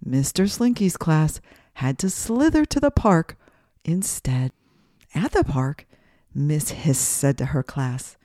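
A woman with a deep, dark-toned voice hosts a children's podcast, reading a story aloud and leading breathing exercises in a sing-song, guiding way. She's animated but takes it slowly. The sound is clean and studio-like, with no echo.

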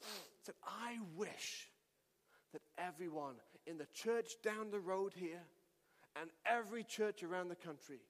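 Male pastor, high voice, animated storytelling sermon, long hall reverb. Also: moderate pace. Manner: animated storytelling, shouting at climaxes.

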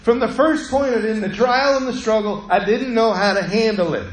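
A man's voice: high-pitched, normal speed, roomy sound, poor audio. A middle-aged man preaching a sermon, telling a personal story in a conversational way and acting out the voices of the people in it.

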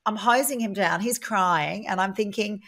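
A woman who founded a property business appears as a guest in a casual interview. With a medium-pitched voice at a moderate pace, she tells stories in a chatty, animated way, acting out the dialogue she quotes.

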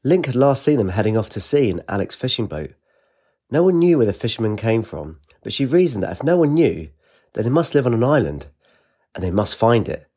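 A man narrating an audiobook chapter in a steady, measured storytelling manner. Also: mid-range voice, slightly rough.

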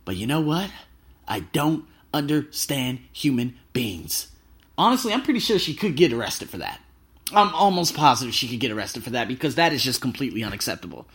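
Excitable guy around 30 telling travel stories, swears a lot, husky voice that jumps all over. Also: medium pitch, fast. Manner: animated, excitable, swears freely. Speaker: travel vlogger. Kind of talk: casual storytelling.

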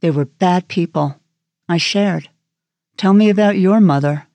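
A woman's voice: lowish voice, unhurried, a little mellow, no echo. A woman reading tough FBI agent, blunt and sardonic, dry close sound. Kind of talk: audiobook character voice.

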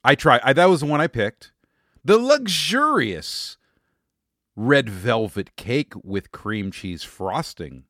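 A man's voice: mid-range voice, no room sound. A man co-hosting a casual podcast, joking around and stretching out words for emphasis on a studio microphone. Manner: lively, jokey, drawn-out emphasis. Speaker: podcast co-host.

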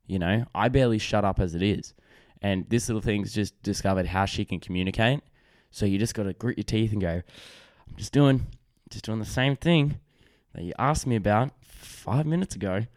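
A man's voice: on the low side, dark tone, no echo, studio quality. A young adult man, hosting a casual solo podcast and telling rambling stories with lots of fillers and restarts. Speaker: podcast host.

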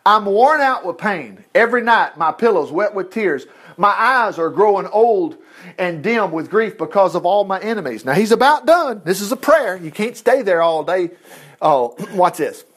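Male preacher, high and lively voice, folksy Bible storytelling in casual conversational delivery. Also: moderate pace. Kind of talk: informal Bible teaching.

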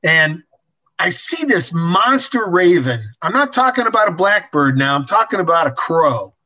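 An older man telling a casual anecdote in an animated, folksy way, chuckling as he goes. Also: high voice, moderate pace, low-quality recording. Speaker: storyteller.

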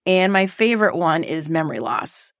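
A woman, a former teacher, hosting a casual reflective podcast monologue in a playful, animated way. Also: lowish voice, normal speed, dry recording, clean studio sound. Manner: playful and animated, acting out voices.

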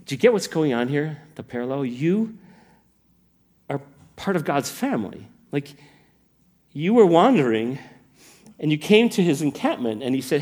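A man's voice: a little high, normal speed, pauses often. A man preaching a sermon, asking the congregation question after question. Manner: animated, asks the congregation questions.

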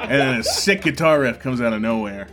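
A man playing a tabletop game who describes his character's actions in an animated, playful way. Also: medium pitch, brisk, over loud music. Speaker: player.

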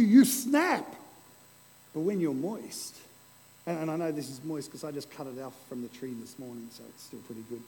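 A man preaching a lively, playful sermon to a congregation, using an object lesson. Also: high voice, big-room sound, poor audio. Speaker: pastor. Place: church hall before a congregation.

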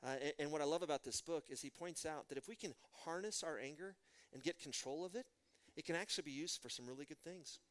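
A middle-aged man from Texas, preaching a sermon as a pastor and telling stories with animated rhetorical questions. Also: on the high side, quick pace. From Midland, Texas.

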